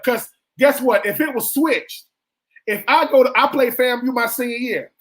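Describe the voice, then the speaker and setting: A man's voice: extremely high pitch, normal speed, fairly bright tone. A man co-hosting a sports radio show, a former college football player making his case with emphatic, repeated points.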